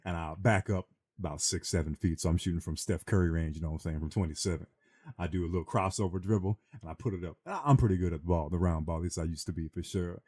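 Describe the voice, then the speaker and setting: A man hosting a podcast, telling animated, slangy stories and acting out other people's voices. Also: low-pitched, fast, dry recording, studio quality. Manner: animated, slangy storyteller who acts out voices. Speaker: podcast host. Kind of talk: casual storytelling chat.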